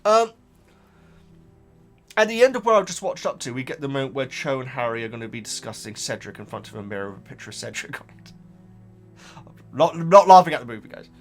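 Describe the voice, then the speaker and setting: A man hosting a casual reaction vlog, chatty and excitable, talking straight to his viewers. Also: medium pitch, fairly quick, long pauses, faint music behind. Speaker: channel host reacting to a book.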